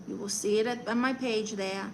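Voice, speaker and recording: A woman with a natural, mid-range voice talks at normal speed in a steady tone, with slight background noise. She's chatty on a live stream, improvising a blunt, brash aunt and self-proclaimed therapist while coloring and reading the chat.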